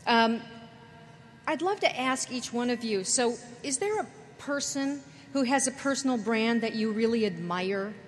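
A woman's voice: on the high side, lively intonation, measured pace. A woman moderating a panel discussion, talking energetically and chattily. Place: conference hall with audience. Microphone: handheld microphone. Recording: reverberant hall, faint noise.

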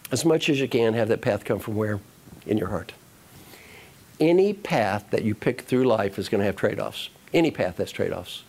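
A man's voice: on the low side, animated, normal speed, creaky, darkish tone, a little hiss or hum. A man giving a motivational talk to an audience, repeating key phrases and speaking to them directly. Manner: repetitive, coaxing, addresses audience directly.

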